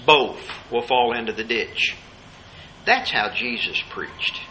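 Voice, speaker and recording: Emphatic preacher with a bright edge. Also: male voice, medium pitch, lively intonation, slow pace, a little hiss or hum, rough recording. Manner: emphatic, repeats key phrases. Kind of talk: bible study sermon.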